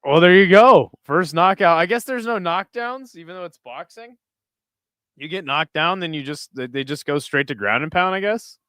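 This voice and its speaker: Male streamer, watch-party host, smooth clear voice, close dry mic, foul-mouthed banter with chat. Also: sits high, normal speed, pushed and bright, dry recording. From United States. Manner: crude, joking, chatting with viewers between fight calls. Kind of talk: casual live-stream commentary.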